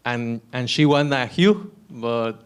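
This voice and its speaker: A man telling a short story in church, slow and fragmented. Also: mid-range voice, clear, resonant tone. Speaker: congregant.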